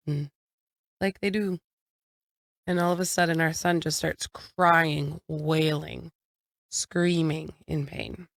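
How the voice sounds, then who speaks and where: A woman's voice: on the low side, no room sound, clean studio sound. A woman in her thirties co-hosting a podcast, telling a family story in a frank, casual way and swearing now and then. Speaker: podcast co-host. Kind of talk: casual chat.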